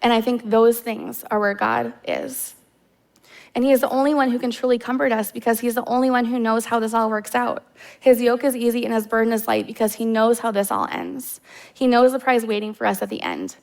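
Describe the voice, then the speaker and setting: A woman's voice: a little high, brisk, vocal fry, darkish tone. A woman in her thirties with a Midwestern American accent, telling a personal story in a sermon from a church stage, with casual fillers. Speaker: guest preacher.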